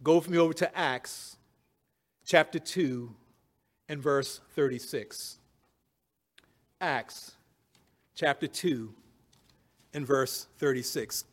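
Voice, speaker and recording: A man preaching a sermon, dramatic and dropping low and soft for emphasis. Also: takes it slowly, pauses often.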